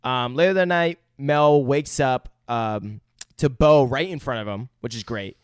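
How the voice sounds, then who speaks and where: A young man on a podcast, walking through a film's scenes in loose, profane casual talk. His voice is smooth and resonant, recorded dry and close with no room sound. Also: mid-range voice, unhurried, dry recording. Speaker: podcast co-host. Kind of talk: casual movie-review chat.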